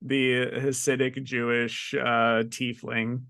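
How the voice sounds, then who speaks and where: Relaxed man chatting in a dry room. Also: mid-range voice, vocal fry, no room sound. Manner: easygoing, rambling, quick to laugh. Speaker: podcast co-host and game master. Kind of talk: casual chat.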